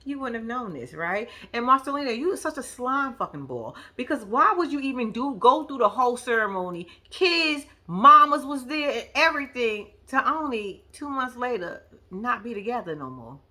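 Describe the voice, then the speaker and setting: A woman's voice: a little high, very animated, moderate pace, few pauses, bright, forceful tone. A woman hosting a casual reality TV recap, blunt, profane and sassy, talking straight to her viewers.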